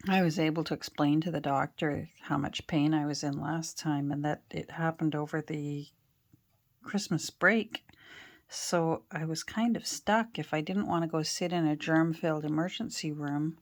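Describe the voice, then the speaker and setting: A middle-aged woman from Canada chatting casually with lots of fillers and restarts while she works on a craft project in her home studio. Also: sits low. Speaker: craft vlogger.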